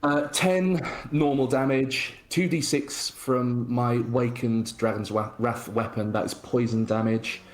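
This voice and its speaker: Slow, hesitant man playing a game. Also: mid-range voice, fairly even intonation, slight background noise, poor audio. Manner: hesitant, full of uhs and ums. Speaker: player. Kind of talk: tabletop game play.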